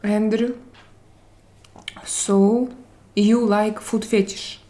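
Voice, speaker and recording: Woman hosting a live chat, unhurried and mellow, greets viewers one by one, mixes in Spanish and French. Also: mid-range voice, level tone. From Russia. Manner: greets viewers by name, switches between English, Spanish and French; unhurried, drawn-out phrasing. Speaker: live stream host. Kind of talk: casual live-stream chat reading viewer comments.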